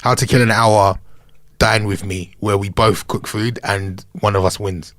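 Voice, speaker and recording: A man's voice: fairly low pitch, steady tone, unhurried, a bit bright, no room sound, clean studio sound. A man co-hosting a podcast, chatting casually and bantering with plenty of laughs. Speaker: podcast co-host. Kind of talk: casual chat.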